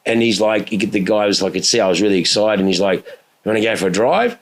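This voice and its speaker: A lower-pitched middle-aged man, co-hosting a casual podcast. He tells stories in an animated way, swears freely and mimics engine noises as he goes. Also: fast talker. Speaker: podcast co-host.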